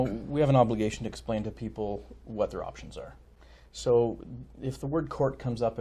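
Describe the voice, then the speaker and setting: A middle-aged man, a family lawyer, explaining things in a measured conversational way with examples and asides. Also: medium pitch, warm tone. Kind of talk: conversational interview.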